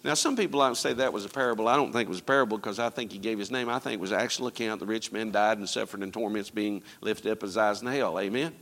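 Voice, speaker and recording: A man preaching a sermon as pastor, swinging between loud emphatic lines and quiet, low asides. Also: fast, few pauses, in a large hall. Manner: preaching with sweeping rises and drops in pitch and loudness.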